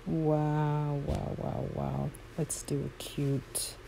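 A woman with a low, gravelly voice speaks slowly and warmly as she plays a horse game at home. She gushes over her horses and keeps exclaiming. Her tone is soft and mellow. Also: little pitch movement, slight background noise, poor audio. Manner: gushing, talks to her horses fondly; frequent exclamations. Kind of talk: casual gameplay commentary.

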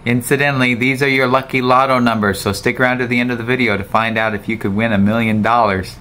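A man hosting a comic improv bit, gushing in mock awe over a spinning die, sliding between low murmurs, high squeals and hushed whispers. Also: steady tone, fast talker, slight background noise. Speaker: family channel host.

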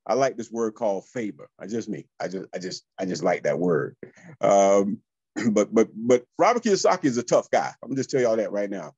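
A man, a real estate coach telling motivational stories to listeners in a lively, high-energy way. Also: brisk, slightly rough, no echo, highs cut off. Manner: high-energy, animated, addresses listeners as y'all. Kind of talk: motivational storytelling.

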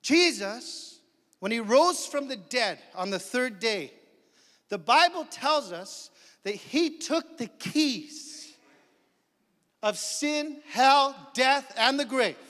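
A man's voice: very high-pitched, expressive, slow pace, a bit bright. A male pastor preaching a sermon with emphatic energy, calling out to his congregation in a church sanctuary. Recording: long church hall reverb.

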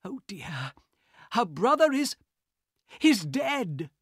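A man voicing a shocked, panicked gentleman passenger in a storybook, in breathless high exclamations. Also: big pitch swings, slow pace, breathy edge, no echo, studio quality, heavily acted.

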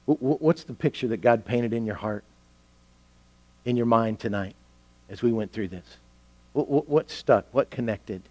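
A man's voice: mid-range voice, normal speed, long pauses, a little mellow. Pastor guy preaching, earnest, keeps restarting his sentences, middle-aged. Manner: earnest storytelling with frequent restarts. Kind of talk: sermon. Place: church sanctuary.

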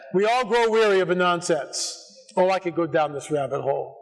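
An American man giving a lively church conference talk, full of sarcastic asides and bursts that climb to near-shouts. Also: high-pitched, moderate pace. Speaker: conference speaker. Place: church sanctuary before an audience.

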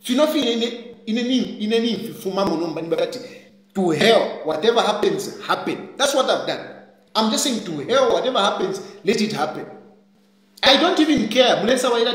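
A man's voice: sits high, animated, brisk, fairly bright tone, echoey room. A Zambian man with a Zambian accent giving a defiant, repetitive political rant, switching between English and a local language. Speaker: political commentator.

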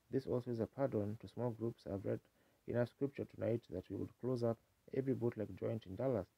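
Gravelly preacher on old tape. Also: male voice, mid-range voice, no room sound. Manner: folksy, earnest storytelling. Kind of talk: sermon. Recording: dull lo-fi 1950s tape, dry.

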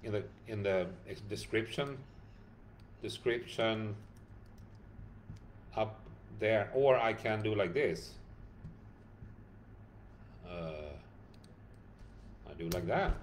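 Man, tired, casual livestream Q&A, reads comments out, fairly low voice. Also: takes it slowly, long pauses, a little hiss or hum. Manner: reads viewer comments aloud and thanks them by name. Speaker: dog rescue founder answering live chat.

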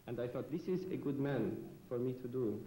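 A man speaks with a put-on foreign immigrant accent, halting and hesitant, full of fillers and restarts. His voice is mellow and soft-edged. It carries the echo of a roomy studio over a faint hiss. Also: medium pitch. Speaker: comedian guest. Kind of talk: in-character talk show interview.

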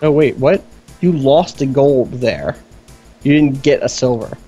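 A man's voice: medium pitch, measured pace, mellow, husky, highs cut off, faint music behind. A man co-hosting a game stream, encouraging the player and explaining how the game works. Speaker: co-host watching the stream. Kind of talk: casual let's play chat.

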